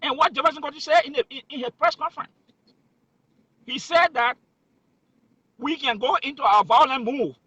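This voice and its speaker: A man's voice: very high-pitched, normal speed, long pauses, bright, forceful tone, no echo, highs cut off. A man giving heated political commentary, emphatic and full of rhetorical questions.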